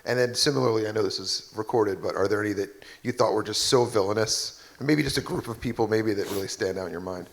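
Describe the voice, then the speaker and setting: A man with a low, gravelly voice asks a question from the audience at a live talk. He phrases it politely and hedges as he goes. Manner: polite, halting, hedging question. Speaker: audience member asking a question.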